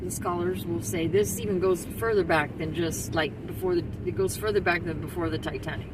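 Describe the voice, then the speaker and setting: A woman's voice: on the low side, fairly even intonation, a little fast. Woman ranting profanely over background noise. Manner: rambling, profane, heated. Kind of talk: casual political rant. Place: in Texas.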